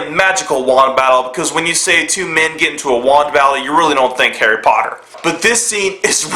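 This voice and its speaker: A young man casually reviewing a film, excitable and profane, retelling scenes with mock voices. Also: a little high, echoey room. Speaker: movie reviewer.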